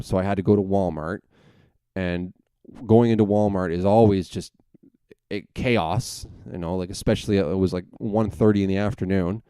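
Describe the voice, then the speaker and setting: A young man rambling through a story as a podcast host, swearing freely and correcting himself mid-sentence. His voice sits low and mellow, and it comes across smooth and resonant. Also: normal speed, no echo. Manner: rambling, profane, full of self-corrections. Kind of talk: casual storytelling monologue.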